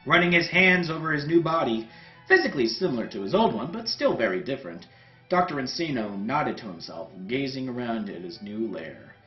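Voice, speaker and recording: Host reading fanfic for laughs, very lively pitch, roomy echo. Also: male voice, fairly quick. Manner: animated, wry delivery. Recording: roomy, dull sound, faint music.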